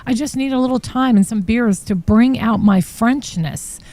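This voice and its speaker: A true crime podcast host, a woman with a slightly high, mellow voice, reads text messages from trial exhibits aloud on a live stream at a moderate pace. She breaks in with shocked asides as she goes.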